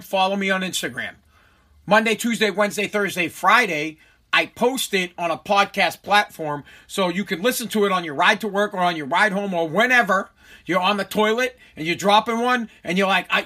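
A man with a high, bright voice hosts a casual solo podcast from his basement at home. He rants animatedly and swears freely, laughing at himself as he goes. His tone is loose and unscripted. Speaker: podcast host.

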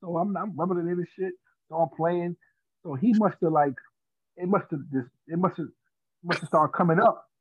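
Animated storytelling man, phone-like sound. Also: high voice, moderate pace, slightly rough, dry recording. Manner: animated, laughing storyteller with street slang. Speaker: podcast guest. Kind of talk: casual storytelling. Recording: dry tinny phone-like sound.

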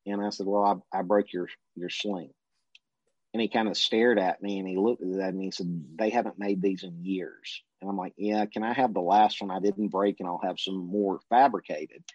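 A man telling a long casual story as an interview guest, in a relaxed anecdotal way, briefly mimicking the people he quotes. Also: sits low, moderate pace, no echo. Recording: dull lo-fi recording.

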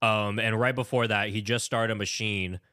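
A man casually recapping a film on a podcast, animated and exasperated, swearing freely and acting out the characters' lines. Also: fairly low pitch, moderate pace, dry recording, clean studio sound. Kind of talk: casual profane movie recap chat.

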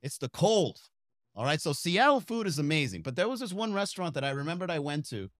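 A man's voice: fairly high pitch, big pitch swings, fairly quick, no echo, studio quality. A young man doing a comedic podcast monologue, rambling through stories with digressions. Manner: rambling, digressive storytelling with asides. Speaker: stand-up comedian and podcast host.

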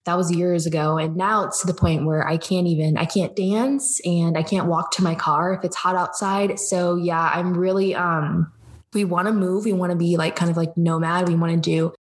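A woman's voice: fairly low pitch, moderate pace. A woman in her twenties from Georgia, USA, chatting casually as a podcast guest, laughing often and acting out her own quotes. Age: 20s. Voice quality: animated, laughs often, quotes herself in lively voices. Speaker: guest, business coach. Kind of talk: casual interview chat.

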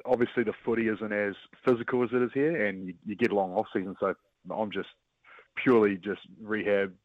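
A man with a New Zealand accent, a guest calling in, talking in a relaxed, halting way with lots of fillers. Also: on the low side, dry recording. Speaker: phone-in guest. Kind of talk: casual interview. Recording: muffled phone-line audio.

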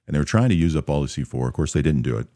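Super deep voiced guy telling an army story, laid back, dry close sound. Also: very fast, no echo. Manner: relaxed, matter-of-fact, acts out quoted soldiers. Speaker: storyteller recounting army anecdotes. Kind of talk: casual spoken storytelling.

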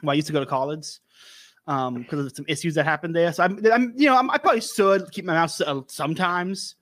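A man's voice: fairly high pitch, quick pace, fairly bright tone, no echo, clean studio sound. A man in his twenties, a podcast guest, talking hesitantly and stammering in casual chat. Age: 20s.

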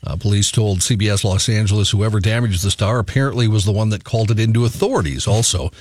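A man's voice: on the low side, quick pace, a little mellow, no echo, studio quality. A man hosting a radio show, reading news items with teasing, matter-of-fact asides.

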